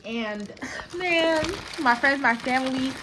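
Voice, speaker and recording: A woman's voice: high voice, takes it slowly, background noise. A young adult woman chatting casually to her viewers in a vlog, calling them y'all, recorded on a handheld phone. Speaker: vlogger. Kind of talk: casual vlog chat to camera.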